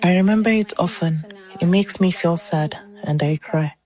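A young woman interviewee speaking plainly and quietly. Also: on the low side, normal speed.

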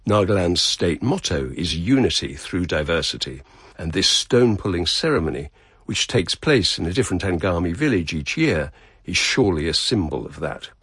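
A man narrating a radio feature in a measured, descriptive way. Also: deep voice, big pitch swings, fairly bright tone, husky, no echo, studio quality. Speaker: radio reporter.

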